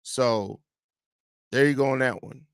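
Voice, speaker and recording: Man, live show host, mid-pitched, animated and teasing, dry close mic. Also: unhurried, vocal fry, smooth, no room sound. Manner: animated, teasing, talks straight to viewers. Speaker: podcast host. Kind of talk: live show reading and answering chat.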